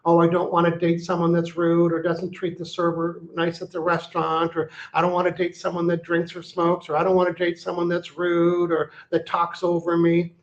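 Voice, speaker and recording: A man speaking as an interview guest, teaching with emphasis and repeating his key phrases like a coach. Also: high voice. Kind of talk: interview conversation. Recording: roomy, dull lo-fi sound.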